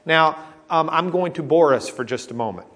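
A man's voice: on the high side, expressive, moderate pace, a bit bright. Man teaching a church sermon. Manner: conversational teaching, with frequent "okay?" checks and restarts. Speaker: pastor. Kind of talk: sermon, teaching Bible study.

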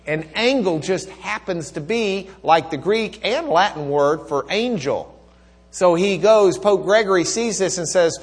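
A fairly high-voiced man lecturing a church class on history. He talks in a folksy way, with jokes and asides, and often stops on "uh" and "um". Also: measured pace, slightly rough. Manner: folksy, joking asides, frequent fillers. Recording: recorded on tape in class.

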